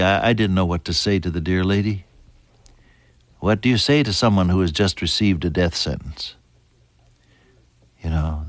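An older man preaching a sermon. He rises to loud emphasis on scripture and drops to soft, near-whispered lines. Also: sits low, dry recording. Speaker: pastor.

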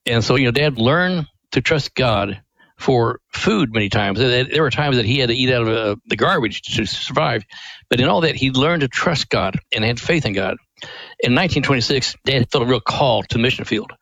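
A man's voice: mid-range voice, expressive, normal speed, fairly bright tone, dry recording, low-quality recording. Middle-aged male radio guest, folksy and earnest, very dry close sound. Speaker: ministry president, guest. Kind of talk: radio interview storytelling.

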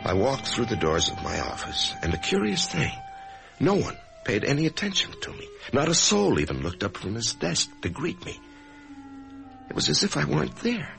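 An actor playing an anxious office worker who expects to die, narrating and speaking in a hesitant, stammering way in an old radio drama. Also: male voice, mid-range voice, huge pitch swings, moderate pace, creaky, music in the background. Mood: brooding. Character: anxious male office worker facing death. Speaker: narrator and lead character. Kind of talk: 1950s radio drama acting.

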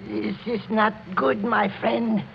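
An actor playing a little old bearded doctor with a croaking voice, who gives slow, portentous warnings in an old radio drama. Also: male voice, high voice, flat delivery, slight background noise, heavily acted. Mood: ominous. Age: older. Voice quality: croaking, gravelly. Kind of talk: 1940s radio acting. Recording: dull lo-fi old radio broadcast.

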